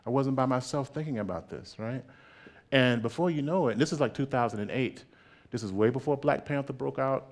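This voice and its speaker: A man giving a public artist talk in an animated way, laughing often and checking in with "right?". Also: mid-range voice, fairly quick.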